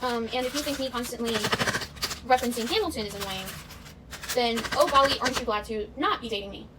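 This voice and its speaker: A young woman talks fast and a little high as she bakes in her home kitchen, joking at her own expense and breaking into snatches of show tunes. She is heard from a camera set some way off. Clear noise runs under her voice. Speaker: vlogger. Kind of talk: casual baking vlog chat. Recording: distant camera mic with noise.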